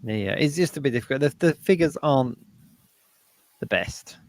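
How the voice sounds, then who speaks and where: A man co-hosting a casual geek news chat, easygoing and agreeable, chiming in with quick yeahs. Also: mid-range voice, lively intonation, no room sound. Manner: agreeable, lots of quick "yeah"s. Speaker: co-host.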